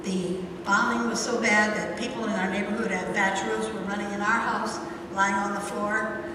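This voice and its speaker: An older woman giving a chapel sermon, telling earnest stories with slow, emphatic phrasing. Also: mid-range voice, level tone. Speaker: chapel speaker. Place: large college chapel. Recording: distant, very echoey hall with noise.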